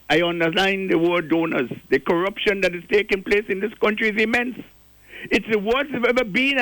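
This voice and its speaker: A man's voice: high voice, fairly bright tone, no room sound, poor audio. An older man from Grenada, calling in to a radio show with impassioned, preachy commentary and repeating key words for emphasis.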